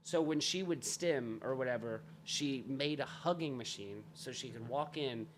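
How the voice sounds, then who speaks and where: A man's voice: mid-range voice, normal speed, a little hiss or hum. A man who teaches, co-hosting a casual podcast and rambling while he searches for words. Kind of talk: casual banter among friends.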